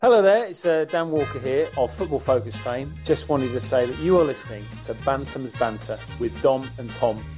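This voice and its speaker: A man's voice: mid-range voice, normal speed, few pauses, over music, close to an everyday voice. A man doing a breezy TV presenter ident. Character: jaunty male TV presenter doing a station ident.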